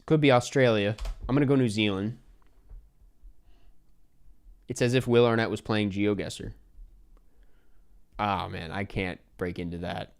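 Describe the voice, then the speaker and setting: A man streaming a geography guessing game, talking to himself and his chat in an excitable, casual way. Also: on the low side, normal speed, gravelly. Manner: excitable, talks to himself while guessing, swears. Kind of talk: casual live gameplay chat.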